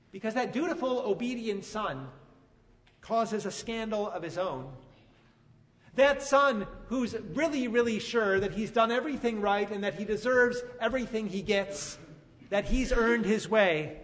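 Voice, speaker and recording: A man preaching a sermon and retelling a story with animated, emphatic delivery. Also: high-pitched, long reverb tail. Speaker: pastor.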